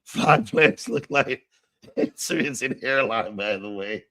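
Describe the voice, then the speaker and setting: A man hosting a livestream, ranting in a profane, mocking way and swinging between loud outbursts and muttered asides. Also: medium pitch, slow, dry recording, studio quality. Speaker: livestream host. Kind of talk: heated livestream rant.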